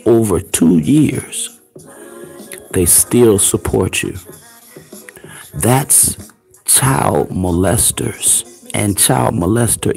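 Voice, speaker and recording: Guy ranting on his channel, low gravelly voice, keeps firing taunting questions, faint music behind. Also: darkish tone. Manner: confrontational, preachy, taunting rhetorical questions. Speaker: online show host. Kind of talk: ranting commentary.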